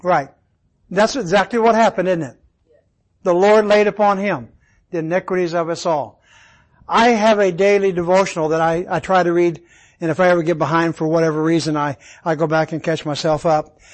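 A man's voice: high voice, steady tone, brisk, rough recording. A man teaching a Bible study, quizzing his listeners with questions and repeating key words for emphasis.

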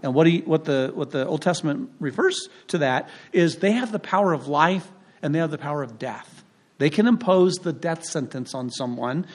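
A male pastor delivers his sermon as relaxed, humorous storytelling, leaning on his own anecdotes. His voice sits somewhat high for a man, and the delivery stays conversational rather than formal. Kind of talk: sermon with personal stories. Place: church.

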